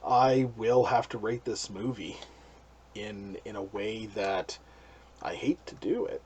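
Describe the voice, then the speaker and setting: A man's voice: fairly low pitch, takes it slowly, slight background noise. A man hosting a casual movie review podcast, joking and handing the turn to others. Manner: lively, joking, playful outbursts. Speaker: podcast host.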